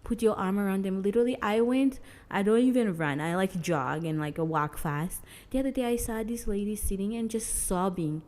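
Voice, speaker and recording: A woman's voice: medium pitch, moderate pace, few pauses. A young woman from Mozambique, a guest telling stories in a casual interview, acting out the dialogue with many fillers. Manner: animated, acts out quoted dialogue, frequent "like".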